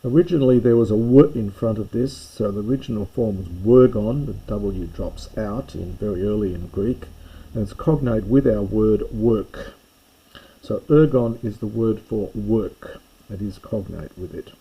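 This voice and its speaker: A man's voice: on the low side, normal speed, husky, highs cut off. A man giving a recorded grammar lesson, explaining step by step with small self-corrections. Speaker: Greek teacher.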